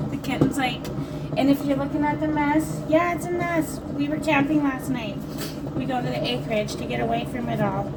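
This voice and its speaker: A woman chatting to camera at home as a vlogger selling nail strips, rambling and joking as she goes. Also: high-pitched. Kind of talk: casual chat to camera. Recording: distant mic with clear background noise.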